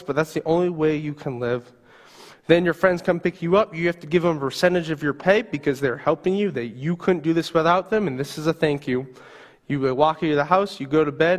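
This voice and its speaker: A male youth pastor delivers a sermon as a vivid second-person story. His voice sits somewhat high for a man. A long reverb rings around him, as in a large hall.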